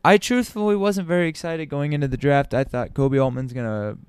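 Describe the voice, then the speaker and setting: A man's voice: on the high side, a little fast, clear, resonant tone, no echo, clean studio sound. A man talking casually to his audience as a commentator, opinionated, with frequent ums and restarts. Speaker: sports commentator. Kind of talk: casual basketball talk.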